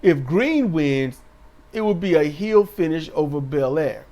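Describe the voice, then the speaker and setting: A man's voice: on the high side, expressive, a little slow, dark tone. A man giving a casual, sarcastic recap of a wrestling show, mocking the wrestlers with put-on voices. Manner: sarcastic, mocking impressions in a raised voice.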